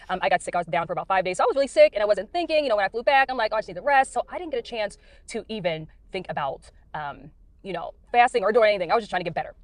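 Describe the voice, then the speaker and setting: Fast-talking earnest woman in a car. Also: mid-range voice, animated, dry recording. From United States. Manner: earnest, rambling, many fillers. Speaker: Christian speaker sharing dreams. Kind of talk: casual testimony.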